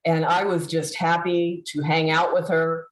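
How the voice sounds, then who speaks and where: A woman giving a heartfelt tribute over a video call, halting with fillers and restarts. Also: low-pitched, level tone, reverberant, low-quality recording. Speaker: convention presenter.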